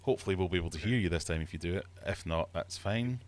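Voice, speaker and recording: A man's voice: low voice, racing, darkish tone. A man from Scotland hosting a casual livestream, chatty and jokey as he reads out viewer comments. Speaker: livestream host.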